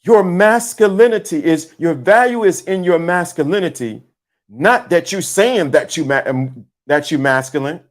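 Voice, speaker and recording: A man's voice: on the high side, expressive, moderate pace. A man preaches to his livestream viewers. He repeats key lines and spells words out letter by letter in a motivational talk. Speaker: livestream host.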